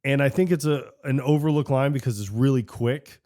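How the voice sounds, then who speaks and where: A man co-hosting a podcast in casual film chat, retelling scenes and acting out lines with lively jumps in voice. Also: mid-range voice, fairly quick, no echo, studio quality. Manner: animated, acts out movie lines in raised voices. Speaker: podcast co-host.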